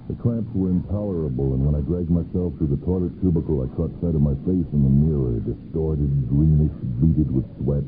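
A man narrating a first-person story for radio, with a measured, brooding delivery and long pauses. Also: rumbling low. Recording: lo-fi narrow-band 1970s radio recording with faint music.

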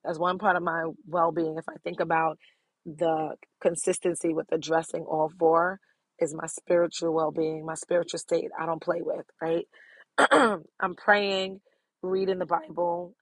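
A woman's voice: sits low, little pitch movement, measured pace, dry recording. A middle-aged woman hosting a podcast, talking candidly and casually about self-care, laughing often as she goes. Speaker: podcast host.

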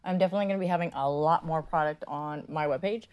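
A woman's voice: sits low, fast talker, dull audio. A woman hosting a podcast in a casual monologue, rambling and crude, with lots of swearing, fillers and self-mocking asides. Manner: many fillers and trailing asides. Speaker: podcast host.

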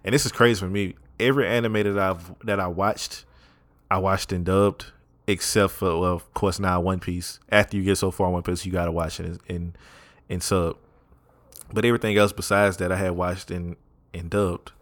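A young man with a very low voice, talking in a loose, slangy way as a podcast co-host. He laughs easily and keeps things relaxed, recorded dry and close. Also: moderate pace, no echo. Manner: laid-back, slangy, laughs often. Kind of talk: casual podcast chat.

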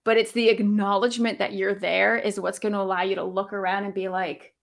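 A woman coach talks through ideas in a relaxed, reflective way, her mid-range voice dotted with fillers and easy laughter. She sounds like she is chatting, not lecturing. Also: medium pitch, fairly quick, creaky, few pauses. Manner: warm, reflective, laughs easily, many fillers. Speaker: guest coach. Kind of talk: casual conversational interview.

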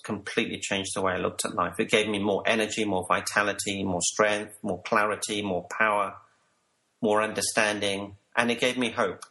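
A man's voice: on the low side, flat delivery, normal speed, pushed and bright, low-quality recording. A man working as a life coach, telling his personal story earnestly to an interviewer and sometimes repeating words.

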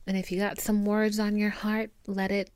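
A woman hosting her own podcast alone at home, talking candidly and swearing freely, with warm pep-talk asides to her listeners. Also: mid-range voice, completely flat delivery, normal speed, dry recording. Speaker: podcast host. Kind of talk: casual solo podcast monologue. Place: indoors at home with her dog. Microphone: camera recording.

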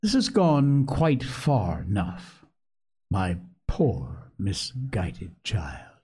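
A man's voice: fairly low pitch, very animated, drawn-out words, a little mellow, breathy edge, full character voice. A man voicing a menacing talking pig's head that mocks a boy in a condescending, schoolmasterly way, read as an audiobook. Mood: mocking. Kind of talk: audiobook reading.

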